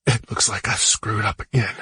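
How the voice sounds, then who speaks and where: Guy reading as a heartbroken man whispering goodbye, raspy and shaky, dry close sound. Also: on the low side, steady tone, normal speed, no echo, heavily acted. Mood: tearful whisper. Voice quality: raspy, quavering voice. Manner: hushed tearful whispering. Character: grieving young man saying farewell.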